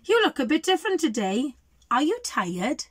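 A woman's voice: high voice, very animated, normal speed, no room sound, studio quality, pitched above the performer's own voice. A woman voicing a polite, clever little girl with a red hood, asking curious questions. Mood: polite worried.

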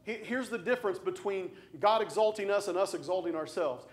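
Male preacher, high-pitched, emphatic delivery with repetition and direct questions. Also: a little fast. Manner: emphatic, repeats phrases for stress; asks the congregation direct questions. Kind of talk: sermon.

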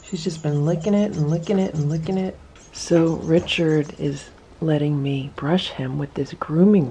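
A woman talking through a casual home vlog about her cats, her voice low and mellow with a gravelly edge. She chats easily to the viewer from an indoor room, then calls to the cats in a coaxing way. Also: moderate pace, a little hiss or hum. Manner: chatty, talks to the cats in a high coaxing voice. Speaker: cat vlogger.

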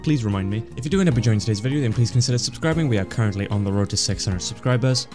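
A man casually commentating his own gameplay, joking around and swearing often in excited reactions. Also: on the low side, very fast, music in the background. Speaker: gaming YouTuber. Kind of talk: casual let's play commentary.

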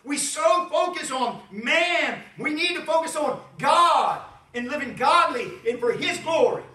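Man, pastor, folksy sermon, high-pitched, bright tone, reverberant sanctuary, distant mic. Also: unhurried. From Southern United States. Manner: folksy, animated, frequent asides to the congregation. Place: church sanctuary. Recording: roomy church sound from a distance.

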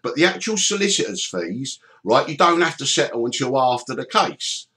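A middle-aged man hosting a podcast, telling stories in an animated way, swearing freely and acting out the people he quotes. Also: mid-range voice, normal speed. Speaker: podcast host. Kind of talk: storytelling chat.

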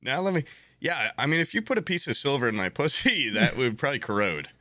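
A young male podcast co-host with a mid-range voice talks fast in a casual chat, telling profane stories and animatedly impersonating the people in them. The studio sound is clean and free of echo.

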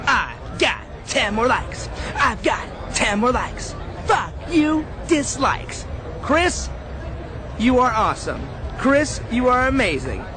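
A man vlogging at a comic convention, goofy and over-the-top, shouting a catchphrase and giving shout-outs. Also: very high voice, very animated, slow. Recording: noisy convention crowd around.

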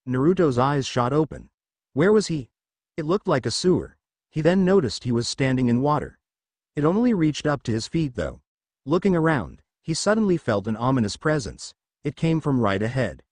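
A man narrating a fan fiction story in an animated reading voice. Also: mid-range voice, normal speed, no echo. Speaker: fanfiction reader.

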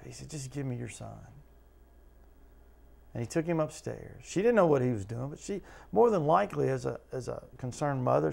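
The gravelly, slightly high voice belongs to a male pastor with a darkish tone, doing conversational Bible study teaching. Earnest throughout, he addresses listeners with repeated questions and voices the quotes himself.

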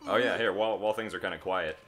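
A man's voice: low voice, very fast, a bit bright. A young man co-hosting a let's-play, rambling casually and laughing often, with game music behind him. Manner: rambling, laughs often, breaks into goofy voices. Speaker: gaming channel co-host.

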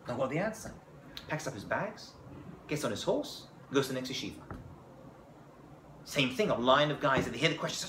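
A man who is a rabbi teaching a class, telling a story in an animated way, with joking asides and frequent "right?" to his audience. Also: mid-range voice, fairly quick, long pauses. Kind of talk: lively storytelling lecture. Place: class room with a live audience. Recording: echoey room with background noise.

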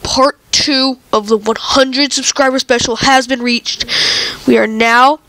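A woman hosting a casual vlog, talking to viewers in an excitable, rambling way with lots of fillers, while she has a cold. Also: high voice, no echo. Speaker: channel host. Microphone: computer recording software.

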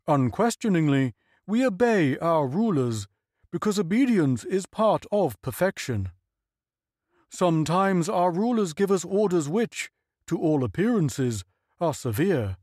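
An oily, unctuous state announcer, voiced by a man preaches obedience in a smooth, raised voice. It is recorded dry and close. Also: a little high, a little mellow, no echo.

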